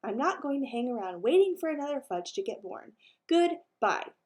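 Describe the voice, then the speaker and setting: A woman's voice: high voice, big pitch swings, moderate pace, darkish tone. A woman voicing a sulky, indignant schoolboy who is the older brother.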